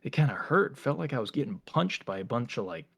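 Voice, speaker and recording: A man's voice: medium pitch, very animated, fairly quick, vocal fry, slightly rough, full character voice. A man voicing an unfazed, laid-back young human who shrugs things off in a casual drawl. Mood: nonchalant.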